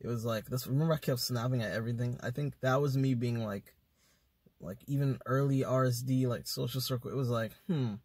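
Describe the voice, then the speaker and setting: A man speaking as a podcast guest, telling stories in an animated, slangy way with swearing. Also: mid-range voice, a little fast, husky, dry recording. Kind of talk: casual conversation.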